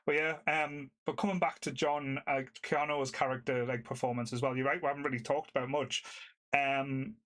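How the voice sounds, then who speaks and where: A man co-hosting a casual film review podcast, halting and full of fillers and restarts. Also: medium pitch, flat delivery, fairly bright tone. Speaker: podcast co-host.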